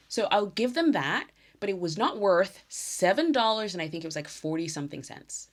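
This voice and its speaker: A young adult woman from the United States hosting a casual solo tennis podcast, chatty and effusive, sometimes trailing off into soft near-whispers. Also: mid-range voice, big pitch swings, moderate pace. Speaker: podcast host.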